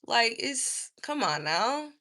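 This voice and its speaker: Sassy woman going off on a livestream, swearing a lot, slow drawl, bright voice. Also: on the high side, sing-song. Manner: sassy, profane and indignant. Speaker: livestream host. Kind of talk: casual livestream rant.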